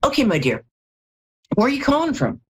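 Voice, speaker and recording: A woman's voice: huge pitch swings, fairly quick, slightly rough. A middle-aged American woman hosting a live call-in tarot show, telling jokey stories in a chatty way and sounding tired. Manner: chatty, jokey storytelling with big pitch swings. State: tired from no sleep. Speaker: psychic reader, show host.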